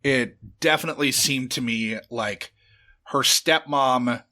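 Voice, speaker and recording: A male podcast co-host with a bright, forward voice, making dry, wry remarks in casual chat. He swears offhandedly at an ordinary middle pitch. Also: slow pace.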